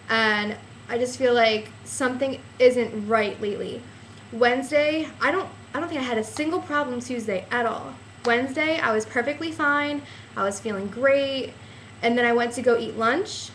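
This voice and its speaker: A woman's voice: on the high side, fairly bright tone, slight background noise. Breathless, teary young woman vlogging. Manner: halting, many fillers and sighs, nervous laughs. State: out of breath, close to tears. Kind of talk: casual pregnancy vlog.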